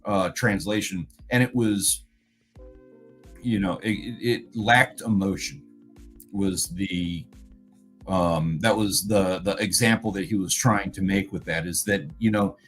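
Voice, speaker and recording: A man's voice: deep voice, fairly even intonation, a little slow, fairly bright tone, slightly rough, soft background music, poor audio. A man casually recapping a talk to his viewers, rambling and often stopping to search for the right word. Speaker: video creator recapping a conference.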